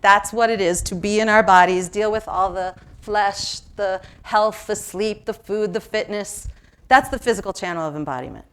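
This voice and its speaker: A woman from New York leading an interactive seminar, talking lively and asking the audience questions. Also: mid-range voice. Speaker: workshop presenter.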